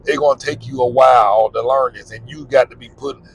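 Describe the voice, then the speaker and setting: A man's voice: mid-range voice, fairly even intonation, brisk, a little hiss or hum, poor audio. Blunt middle-aged man vlogging. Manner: candid, repetitive, plain-spoken. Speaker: vlogger on living abroad. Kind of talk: casual advice monologue while driving. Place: in a car.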